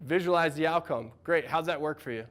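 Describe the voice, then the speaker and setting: A man, a mental performance coach, giving an energetic, encouraging workshop talk and asking the room questions. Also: on the high side, fairly quick. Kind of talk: workshop talk to a live audience.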